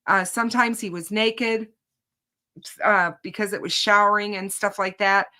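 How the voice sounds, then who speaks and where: A woman's voice: mid-range voice, fairly even intonation, normal speed, sharp tone. A woman hosting a true crime channel, telling viewers about her day in court in an emphatic, indignant casual way.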